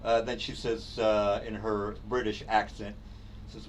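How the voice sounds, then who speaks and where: A man's voice: fairly low pitch, level tone, a little slow, slight background noise. A man running a tabletop game as dungeon master, narrating loosely with many ums and restarts.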